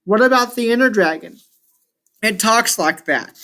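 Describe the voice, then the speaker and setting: A man's voice: high-pitched, expressive, moderate pace, bright, forceful tone, heavily acted. Man reading as a puzzled curious girl. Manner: questioning, puzzled.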